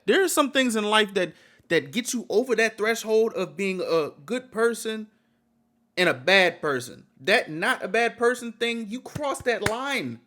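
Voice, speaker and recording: A man's voice: high-pitched, big pitch swings, unhurried, fairly bright tone. A man giving heated reaction commentary on a video, blunt and slangy, swearing and repeating himself.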